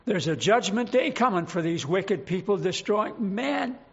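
A man preaching a sermon, earnest and emphatic, slowing down to stress scripture verses. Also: high-pitched, animated, creaky, highs cut off, background noise.

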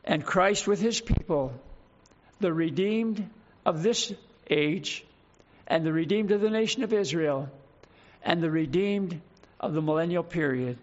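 Man, pastor, sermon, high voice, slow emphatic reading, rhetorical questions, muffled lo-fi sound. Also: slight background noise. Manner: reads scripture slowly with emphasis, asks the congregation questions.

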